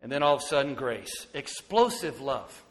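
A middle-aged pastor delivers his sermon, his voice sinking hushed and tender, then lifting loud and excited. His words ring out in a long reverb across the sanctuary. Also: mid-range voice, normal speed. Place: church sanctuary.

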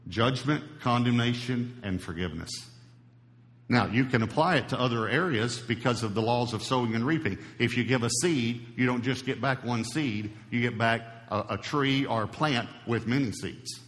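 A man's voice: medium pitch, normal speed, fairly bright tone. A male pastor giving a sermon in an emphatic, conversational preaching style. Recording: long hall reverb.

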